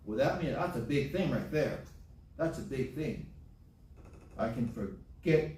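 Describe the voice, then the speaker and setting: A man's voice: medium pitch, expressive, measured pace, long pauses, a little mellow, slight background noise. A man preaching a sermon in a church, folksy and repeating phrases for emphasis. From Hawaii. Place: church sanctuary. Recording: echoey church hall, from far off.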